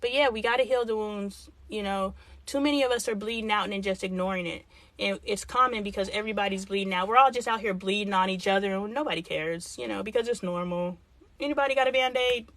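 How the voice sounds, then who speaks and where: A middle-aged woman hosts a livestream, reading viewers' comments and answering them frankly while thinking out loud in casual chat. Her voice is medium-pitched and a bit bright, and she talks quickly. The recording is dry.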